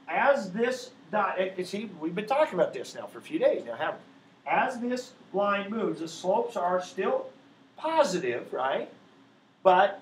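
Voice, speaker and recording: A man teaching a math class, walking patiently through each step and checking in with the students again and again. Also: sits high. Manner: keeps checking in with students by asking "right?". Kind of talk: classroom lecture. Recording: echoey classroom with faint background noise.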